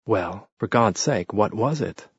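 A man reading the part of a cautious, protective middle-aged father in a storybook, calm and plain-spoken. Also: lowish voice, a little slow, breathy edge, no room sound, muffled recording, full character voice.

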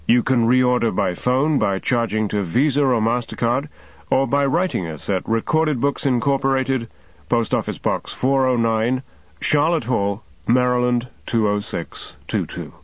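A man's voice: medium pitch, dry recording. A man reading a scripted publisher's announcement in a plain, businesslike way. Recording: dull studio sound.

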